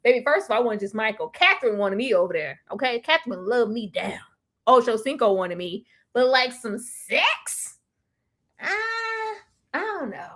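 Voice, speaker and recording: A woman co-hosting a casual comedic chat, animated and playful, laughing often and bursting into loud outbursts. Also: fairly high pitch, normal speed. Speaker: co-host.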